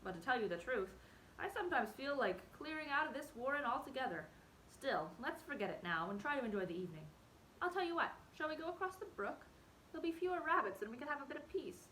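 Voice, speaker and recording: A woman voicing a young male rabbit in a storybook, steady and caring, reassuring and firm. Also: sits high, quick pace, slight background noise, pitched above the performer's own voice, low-quality recording. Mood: friendly.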